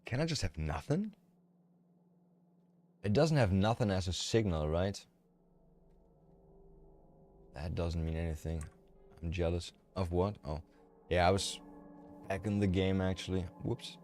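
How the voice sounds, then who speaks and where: A German man with a German accent and a low voice chats on a livestream in a rambling, frank and profane way. Soft music plays quietly in the background. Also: expressive, moderate pace, long pauses. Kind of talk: casual livestream chat with viewers.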